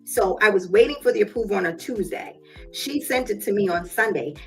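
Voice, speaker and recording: A woman's voice: mid-range voice, lively intonation, brisk, slightly rough, faint music behind. A woman hosting a live stream from her home office, giving a casual motivational talk with chatty storytelling and calling listeners y'all. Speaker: live stream host and business owner.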